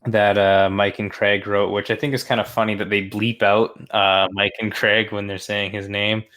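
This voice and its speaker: A podcast co-host chats casually in a fairly low, fairly bright voice with a flat delivery at a moderate pace. He rambles with many fillers, laughs often, and quotes cartoon lines in put-on voices.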